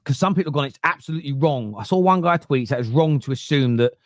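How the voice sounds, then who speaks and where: A man's voice: on the high side, lively intonation, fast talker, dry recording, clean studio sound. A man on a football podcast panel, arguing earnestly and emphatically, often restarting his sentences. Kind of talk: casual football debate.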